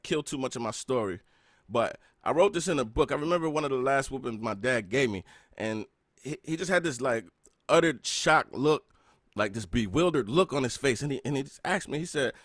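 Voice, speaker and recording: A man in his thirties hosts a podcast and tells his own story in an earnest, conversational way, often pausing to ask "right?". His voice sits at a middle pitch, and the recording is close and dry with little room sound. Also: a bit bright, no echo. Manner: earnest, with frequent "right?" check-ins. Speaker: podcast host.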